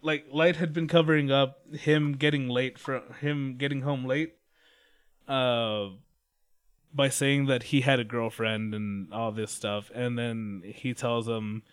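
A man's voice: medium pitch, fairly even intonation, takes it slowly, clean tone. A man casually recapping a story, rambling, swearing and laughing along. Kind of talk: casual chat.

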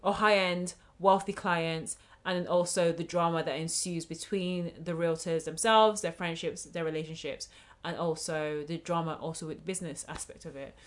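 A woman's voice: lowish voice, steady tone, normal speed. A woman co-hosting a casual chat podcast, talking in a playful way that slips into mock arguments. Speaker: podcast co-host.

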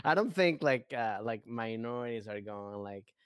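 A man's voice: medium pitch, animated, fairly bright tone, clear, resonant tone, no room sound, clean studio sound. Playful, laughing comedy podcast man. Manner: playful, laughs often, acts out quick impressions. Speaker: podcast co-host. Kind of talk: casual comedic chat.

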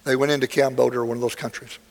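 In a church sanctuary, an older man preaches a sermon, telling a story plainly and earnestly as it swells dramatically. His mid-range voice keeps a level tone with vocal fry, and he talks very fast. Long hall reverb and faint music fill the recording.

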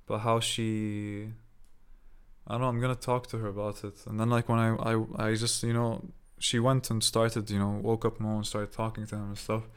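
A man's voice: lowish voice, completely flat delivery, moderate pace, clean tone. A young man hosting his own podcast, telling a long personal story in a rambling, profane way, full of "like" and "you know". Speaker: podcast host. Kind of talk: casual monologue.

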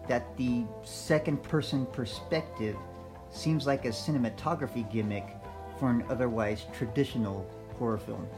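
A man reading out his own film review for a podcast, in a measured, scripted way with dry asides. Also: medium pitch. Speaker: listener sending in an audio review.

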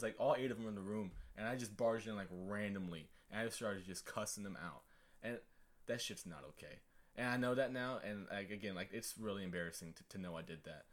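A young man telling a story in casual podcast talk, halting, repeating his words and filling gaps with ums. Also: lowish voice. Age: young adult. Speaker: guest, college athlete.

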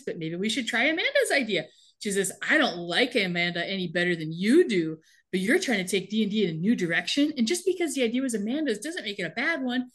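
A woman's voice: a little high, fairly bright tone. A woman co-hosting a casual podcast, animatedly retelling a TV episode and laughing often. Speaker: podcast co-host recapping a TV episode. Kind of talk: casual chat.

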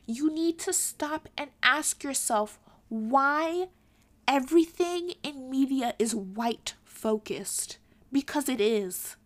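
A woman's voice: high voice, expressive, slow pace. A young woman giving an earnest, pointed opinion commentary straight to her viewers. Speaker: commentary vlogger.

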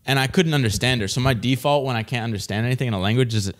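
A man's voice: mid-range voice, rapid-fire. A young man in casual chat, rambling through a story with lots of fillers and laughs.

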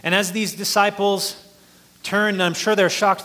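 A man's voice: high voice, moderate pace, bright, forceful tone. A man preaching a sermon, explaining a passage earnestly and rising in force for emphasis.

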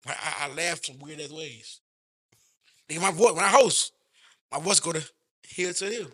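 A man with a high-pitched voice, a guest in a casual chat, stammering and repeating words as he talks. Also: normal speed, sharp tone, slightly rough. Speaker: podcast guest.

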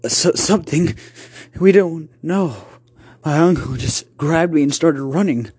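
Frightened young boy, timid, stammering, husky tone, voiced by a man. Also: on the high side, measured pace, darkish tone, no echo, voice pushed up.

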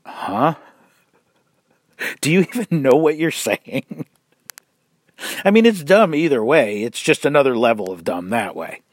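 Male preacher, blunt and sardonic, deliberate pace, dry close sound. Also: medium pitch, very animated, no echo. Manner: blunt and mocking, with sarcastic asides; slow and deliberate, drawing out words for emphasis. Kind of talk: sermon-style commentary.

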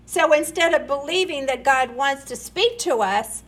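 A woman's voice: high voice, lively intonation, normal speed, hardly any pauses, a bit bright, poor audio. A woman preaching a sermon, earnest and rising into emphatic questions.

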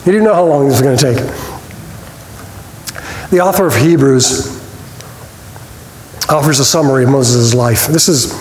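A man teaching a church Bible study, conversational with small restarts, reading scripture with expressive emphasis. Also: mid-range voice, moderate pace, pauses often. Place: church hall. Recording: roomy hall reverb, faint noise.

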